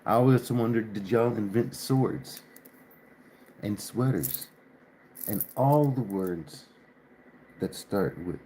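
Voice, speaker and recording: A man's voice: fairly low pitch, expressive, takes it slowly, pauses often, warm tone, a little hiss or hum. A man hosting a casual livestream, chatting in a laid-back way with his viewers and swearing now and then. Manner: laid-back, chatty, mild swearing, addresses chat as y'all. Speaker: livestream host. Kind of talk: casual live-stream chat.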